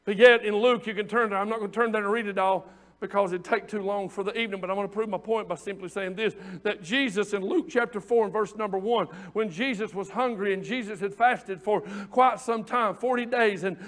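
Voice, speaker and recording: Male preacher, very high voice, fervent delivery that builds to shouts, calls out to his congregation. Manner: fervent, rising to shouts, call-and-response. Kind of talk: sermon.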